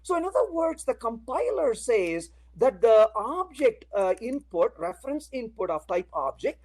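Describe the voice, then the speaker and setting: A man's voice: extremely high pitch, big pitch swings, moderate pace, a little mellow, rough recording. A man giving a technical conference talk with live coding. He talks playfully, tells everyday anecdotes, asks the audience questions and uses many "uh, you know" fillers. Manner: addresses the audience directly with questions. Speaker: conference speaker.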